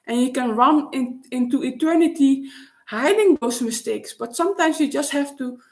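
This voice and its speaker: Halting woman, slightly high. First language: Dutch. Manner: halting, searching for words with frequent restarts. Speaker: vlogger. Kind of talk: personal reflective monologue.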